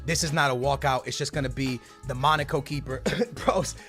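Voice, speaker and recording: A young man opening game card packs, excitable and stammering, his voice shaky with excitement as he keeps calling out to his viewers. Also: medium pitch, brisk, soft background music. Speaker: gaming YouTuber. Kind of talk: excited pack-opening commentary.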